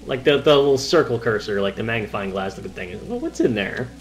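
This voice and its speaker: A man's voice: medium pitch, big pitch swings, fairly quick. A man co-hosting a game commentary show, wry and joking. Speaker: podcast co-host. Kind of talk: let's play commentary.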